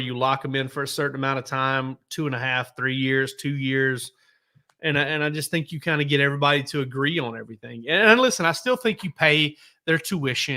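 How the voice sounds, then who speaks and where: A man's voice: mid-range voice, bright, forceful tone. A man, a sports reporter, telling laid-back stories on a casual podcast, rambling with many fillers and restarts.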